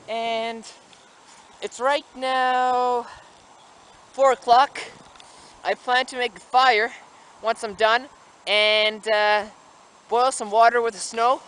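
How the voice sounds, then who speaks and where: A man's voice: extremely high pitch, a bit bright, slight background noise, low-quality recording. A man from Canada narrating a casual outdoor vlog in a snowy forest, talking through each task and marveling at the scenery. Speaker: vlogger.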